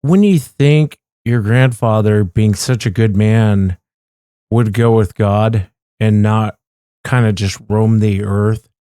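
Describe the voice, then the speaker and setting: A male radio host asking a gentle, sincere question. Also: fairly low pitch, fairly even intonation, slow, clear, resonant tone, no room sound, studio quality. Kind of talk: radio interview.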